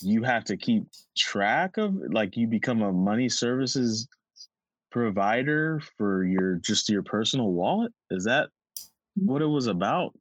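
A man's voice: fairly low pitch, sing-song, measured pace, no room sound. A man co-hosting a casual podcast roundtable, joking around and riffing off topic. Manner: goofy, jokey, riffs and goes off topic. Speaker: podcast co-host.

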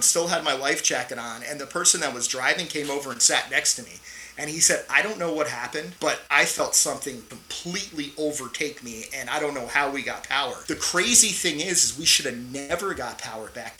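A middle-aged man with a very bright, forceful voice tells a tense story from his Navy years, animated and swearing freely. He keeps checking in with "right?" as he goes, over a faint hiss of background noise. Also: on the high side, poor audio. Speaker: podcast guest, Navy veteran. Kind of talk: storytelling in a casual interview.

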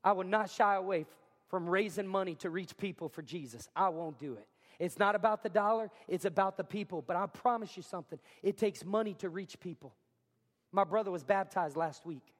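A man preaching as a pastor, talking in an energetic, emphatic way and repeating lines for effect. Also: sits high, a little fast, in a large hall. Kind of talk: sermon. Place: school cafeteria or gym used as a church.

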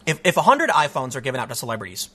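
A man with a medium-pitched, racing voice hosts an online show on his own. His commentary is emphatic and opinionated, and he animatedly acts out the voices of people he quotes.

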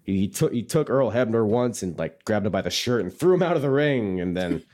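A man with a low but very animated voice talks through a wrestling recap in loose, rambling podcast chat. He mocks himself often and laughs easily. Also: a little fast. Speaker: podcast co-host.

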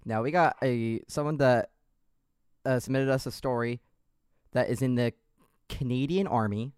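A man's voice: medium pitch, moderate pace, darkish tone, clear, resonant tone, dry recording, clean studio sound. A man hosting a casual podcast, reading out a listener's story in a loose, joking way. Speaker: podcast host.

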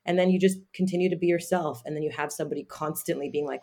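Gravelly woman telling a personal story. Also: sits low, flat delivery, darkish tone. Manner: halting, with many fillers and restarts. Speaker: guest. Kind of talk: personal storytelling in a podcast interview.

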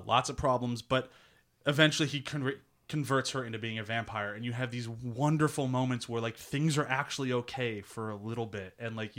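A man casually pitching a film to others, laid-back, laughing often, swearing and full of "like" fillers. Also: fairly bright tone. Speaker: panelist pitching a movie. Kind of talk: casual spoken movie pitch.

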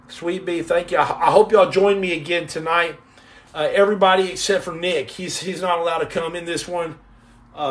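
A middle-aged man chatting casually on a livestream, answering viewer comments in a rambling, joking way that often repeats and restarts words. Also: fairly high pitch.

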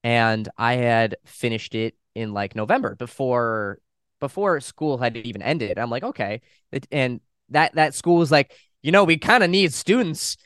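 A young man, a podcast guest, casually telling a story at a fast, animated pace and quoting other people as he goes. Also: medium pitch, smooth, no room sound, studio quality. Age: young adult. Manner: fast, animated retelling with quoted voices and swearing.

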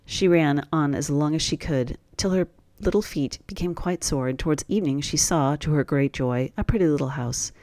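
A man reading a classic fairy tale aloud in a steady, plain storytelling voice. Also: on the high side, normal speed, few pauses, no room sound.

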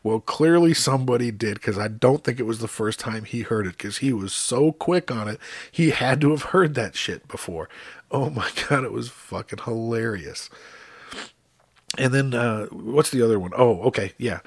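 A man's voice: mid-range voice, normal speed, breathy edge, dry recording. A man telling stories in a casual, profane rant, acting out quotes with exasperation. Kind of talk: casual ranting monologue.

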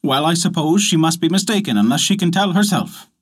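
A man voicing a young country squire in a folk tale, measured and authoritative. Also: fairly high pitch, animated, husky. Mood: stern.

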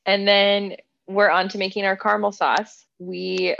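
A woman co-hosting a podcast, chatting casually while cooking, playful and quick with questions. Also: medium pitch, little pitch movement, gravelly, fairly bright tone, lo-fi sound. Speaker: podcast co-host.

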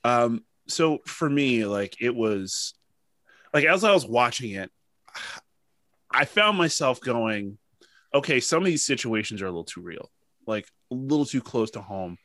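A man's voice: mid-range voice, a little slow, dry recording. A man hosting a casual podcast chat, telling stories emotionally with lots of fillers. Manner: emotional, animated storytelling with many fillers. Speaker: podcast host.

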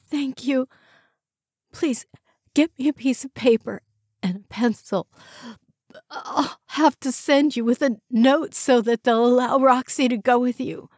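A woman's voice: high voice, measured pace, a little mellow, no room sound, studio quality, voice pushed up. A woman voicing an ailing, fretful older housewife who sounds strained and pleading, in a storybook reading.

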